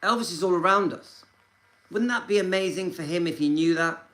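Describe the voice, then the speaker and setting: A man's voice: sits high, fairly quick, a bit bright, poor audio. A man hosting his own channel, talking casually and earnestly to camera, rambling and reassuring, recorded on a handheld phone. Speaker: channel host. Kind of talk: casual vlog talk to camera.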